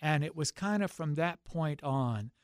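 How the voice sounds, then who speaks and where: A man's voice: a little high, lively intonation, a little slow, no room sound. An older American man with a Southern accent, recounting his past at an easy, reflective pace. He talks in a plain conversational way, often stopping and restarting his sentences. The recording is dry and close. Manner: reflective, storytelling with frequent restarts. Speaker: interviewee. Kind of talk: oral history interview.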